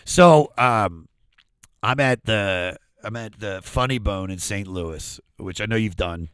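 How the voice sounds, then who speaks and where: Male comedian guest, casual podcast storyteller, lively, does voices, dry close mic. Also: lowish voice, slow, clear, resonant tone, no room sound. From Washington D.C. area. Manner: animated storyteller, acts out voices, frequent laughs.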